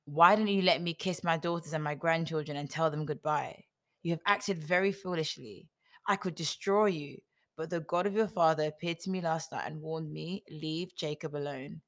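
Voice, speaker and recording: A woman's voice: low voice, normal speed, fairly bright tone. A woman reading the lines of an indignant old patriarch who demands answers and reproaches his son-in-law. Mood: reproachful. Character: indignant old male patriarch, grasping and accusing.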